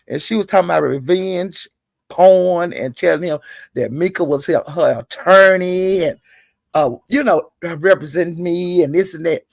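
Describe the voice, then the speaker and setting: A woman's voice: lowish voice, lively intonation, a little slow, vocal fry, long pauses, dry recording, clean studio sound. A woman hosting a livestream, retelling an online feud in a chatty, gossipy way and calling her listeners "child". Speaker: livestream host.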